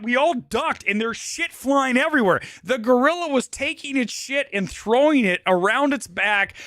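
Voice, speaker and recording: A man hosting a casual live movie-review stream, talking in a brash, rambling way with frequent swearing and quick laughs. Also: extremely high pitch, sharp tone, dry recording, clean studio sound. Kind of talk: casual live-stream chat reading comments. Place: home studio near Los Angeles.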